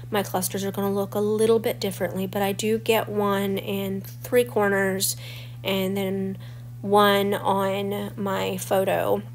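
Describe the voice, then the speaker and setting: Stuffy crackly-voiced lady in her 40s narrating her scrapbook layout step by step, faint hum behind. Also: mid-range voice. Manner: chatty and explanatory, walking through each step. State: stuffy, congested from a cold. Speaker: scrapbooking channel host. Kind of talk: crafting tutorial voice-over.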